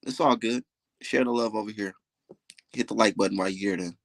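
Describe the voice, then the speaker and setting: Ranting on his livestream, a young adult man is boastful and dismissive, with lots of swearing. His voice is lowish with vocal fry and a slightly fast pace, recorded dry.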